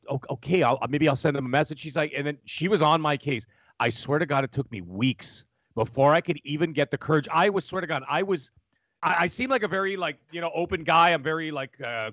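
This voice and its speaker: Middle-aged male podcast guest, loud animated storyteller, slightly high voice, dry close mic. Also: dry recording. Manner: animated, talks loudly with many restarts and laughs. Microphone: studio microphone.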